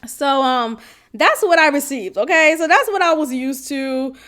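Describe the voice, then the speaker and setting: A woman's voice: high-pitched, lively intonation, measured pace, fairly bright tone. A young woman hosting a podcast, telling a personal story in a blunt, casual way with slang and frequent laughter. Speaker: podcast host.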